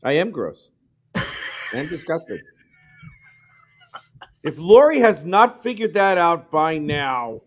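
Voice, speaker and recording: A man's voice: a little high, sing-song, slow pace, long pauses. A man co-hosting a casual online chat show, joking in a crude, goofy way. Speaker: co-host.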